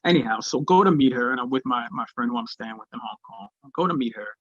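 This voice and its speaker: A man giving a spiritual talk, telling a personal story in an animated way and acting out the voices of people in it. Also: medium pitch, fast, slightly rough, no echo, dull audio. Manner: animated, acts out quoted voices. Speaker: speaker at a spiritual gathering.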